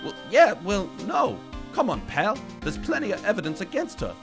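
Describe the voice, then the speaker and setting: Man voicing a gruff male police detective, brash, calls people pal, lively pitch, music in background. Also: moderate pace.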